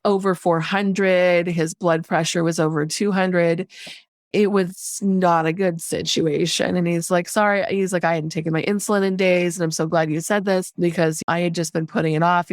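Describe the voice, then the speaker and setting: A woman's voice: lowish voice, no room sound, clean studio sound. A woman guest on a podcast, a medical intuitive telling a story in a chatty way and acting out the voices in it. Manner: chatty, quotes voices in her stories. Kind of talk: casual storytelling.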